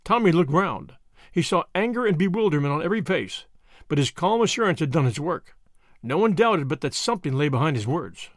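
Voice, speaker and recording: A man narrating a novel as an audiobook reader, measured and expressive. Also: a little high, dry recording, clean studio sound. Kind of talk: scripted narration.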